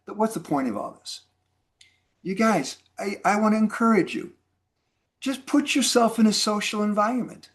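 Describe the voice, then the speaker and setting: A man in his sixties tells a long personal story to his listeners, slipping into quick impressions of the people he met. His voice sits a bit higher than most men's. He talks in a relaxed, friendly, rambling way. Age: 60s. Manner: chatty, animated storyteller acting out dialogue. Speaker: mentor speaker. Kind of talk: casual storytelling to a group.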